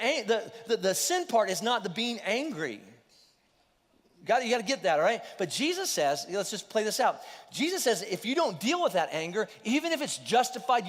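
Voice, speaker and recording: A man preaching a sermon as pastor, animated and conversational, with lively asides to the congregation. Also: sits high. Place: church auditorium. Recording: long hall reverb.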